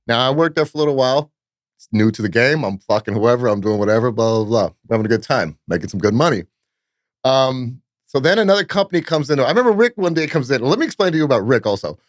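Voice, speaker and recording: A man's voice: medium pitch, very animated, fast, no echo, clean studio sound. A man from California, a nightclub promoter, telling long rambling, profane stories as a podcast guest. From Fresno, California. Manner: rambling, profane, peppered with "blah, blah, blah". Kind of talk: casual storytelling in a podcast interview.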